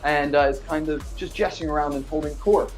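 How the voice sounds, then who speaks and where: A man's voice: on the high side, steady tone, fast, soft background music. A man running a tabletop game as game master, describing scenes with many fillers. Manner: rambling, filler-heavy description.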